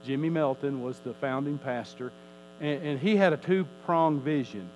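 A man's voice: medium pitch, normal speed, a little mellow, a little hiss or hum, poor audio. A male pastor preaching a sermon, emphatic, his voice rising and falling, often repeating words as he teaches.

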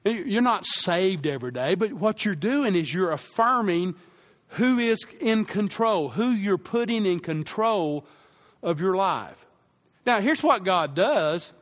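A male pastor delivers a sermon in a fairly high voice, unhurried and deliberate. He repeats his key lines for weight and has the congregation say phrases back with him. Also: lively intonation, a bit bright.

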